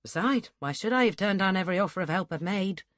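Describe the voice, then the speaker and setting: A woman voicing a stern, gruff young male scholar who talks in curt, scolding lines. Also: mid-range voice, expressive, fast, a bit bright, no room sound, studio quality, natural voice.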